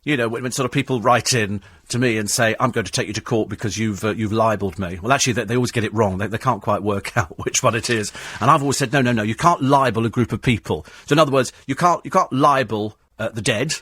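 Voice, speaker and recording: Sarcastic bloke on talk radio, mid pitch, dead dry studio mic, picks fights with listeners. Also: male voice, fast, a bit bright, husky, no echo. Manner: combative, mocking, sarcastic. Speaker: radio phone-in host. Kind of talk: talk radio monologue reading listener texts. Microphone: studio microphone.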